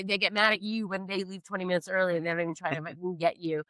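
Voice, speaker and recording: Woman, comedian guest, casual storytelling, self-mocking, slightly low voice, dry close sound. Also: racing, few pauses, no room sound. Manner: animated, self-mocking storyteller acting out quotes.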